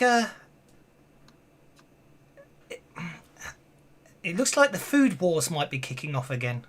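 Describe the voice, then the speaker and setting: Male tabletop game master with a slightly high voice; rambling delivery full of fillers and restarts. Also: very animated, takes it slowly, long pauses, fairly bright tone.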